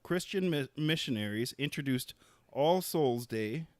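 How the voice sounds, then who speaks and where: A man co-hosting a podcast explains facts and laughs often. His pitch swings animatedly, and the recording is dry and close. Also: expressive, unhurried, no echo. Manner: laughing often, explains while being interrupted. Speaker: podcast co-host. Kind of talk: casual chat, reading out facts.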